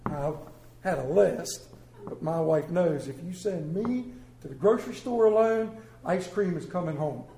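A man's voice: on the high side, animated, measured pace, creaky, dark tone, a little hiss or hum. A man preaching a sermon, telling folksy, exaggerated stories in a church. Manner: folksy storytelling with comic exaggeration. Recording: echoey room.

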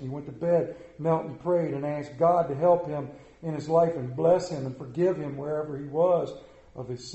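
A middle-aged male pastor with a fairly high voice preaches a sermon in a church. He tells folksy, self-deprecating stories. His voice echoes around a roomy hall. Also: dark tone.

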